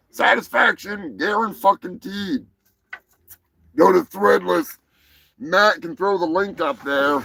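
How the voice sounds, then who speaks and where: A man hosting a crude comedy news show, rowdy, laughing and shouting his sales pitches. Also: vocal fry, no echo. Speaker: host.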